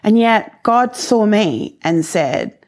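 Speaking slowly, a woman in her 40s tells her personal faith story earnestly and emotionally, moving between quiet, hushed lows and excited highs.

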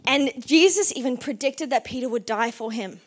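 Retelling a story in a casual sermon, this female preacher acts out the quotes of its characters, chatting freely and using "like" a lot. She has a high, expressive voice at normal speed.

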